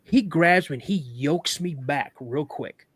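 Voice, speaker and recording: A man guest on a podcast, casually telling a story in an animated way, acting out quoted dialogue and often restarting his sentences. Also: fairly high pitch, a little slow, slightly rough, no room sound.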